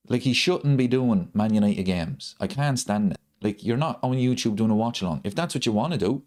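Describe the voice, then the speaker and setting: A man's voice: medium pitch, animated, a little fast, hardly any pauses, a little mellow. A man hosting a live football watchalong, ranting and repeating his points for emphasis. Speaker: host of a football watchalong channel. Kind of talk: live stream chat.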